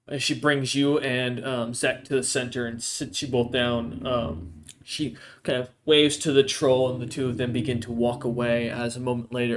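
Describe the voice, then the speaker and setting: A man's voice: medium pitch, a bit bright. Rambling man narrating a tabletop game. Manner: rambling, many fillers and restarts, descriptive. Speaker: game master.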